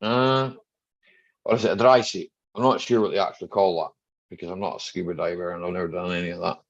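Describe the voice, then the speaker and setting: Man, gravelly low voice, rambling chat, dull lo-fi stream audio. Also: steady tone, fast. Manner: rambling, joking, chatty with viewers by name. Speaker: mechanic hosting a live chat stream. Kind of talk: casual livestream chat reading viewer comments.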